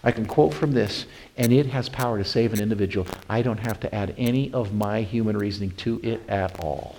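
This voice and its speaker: A pastor preaches in a gravelly, lowish voice, moving between loud, rising emphasis and quiet, slow stretches. He repeats phrases and calls his listeners "my friends." The recording is rough.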